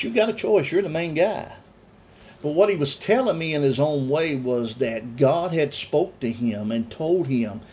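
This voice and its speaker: A man's voice: on the high side, a little mellow, a little hiss or hum. A man in his forties, a pastor earnestly telling a personal story during a Bible study. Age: 40s.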